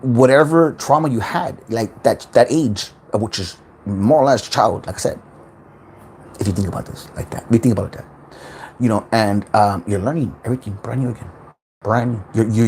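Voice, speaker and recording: Rambling, lively-voiced man on a livestream. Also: lowish voice, slight background noise. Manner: rambling, repeats words, swears freely, animated. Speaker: spiritual self-help livestream host. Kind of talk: casual livestream monologue.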